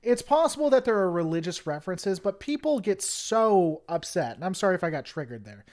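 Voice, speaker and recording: A young Southern-accented man from Tennessee speaks briskly in a high, sing-song, slightly mellow voice as he hosts a casual livestream answering viewers. He rambles, with many fillers and restarts, and goes from heated to apologetic.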